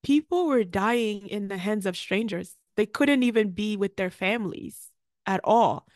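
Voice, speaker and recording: A woman's voice: medium pitch, unhurried, no room sound, studio quality. A woman pharmacist co-hosting a podcast, speaking with passion and emphasis in a casual chat.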